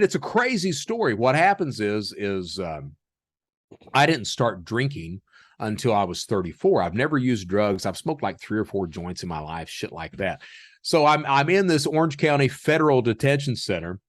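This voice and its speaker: Chuckling, animated male storyteller. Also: medium pitch, normal speed, no echo, clean studio sound. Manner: chuckling, animated, acts out dialogue. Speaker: podcast guest. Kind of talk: casual storytelling.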